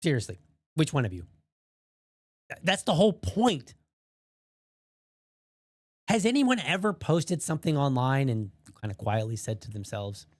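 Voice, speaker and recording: A man's voice: on the high side, expressive, normal speed, long pauses, dry recording. A man hosting an opinion podcast, talking bluntly and heatedly and swearing freely as he argues his point. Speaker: podcast host.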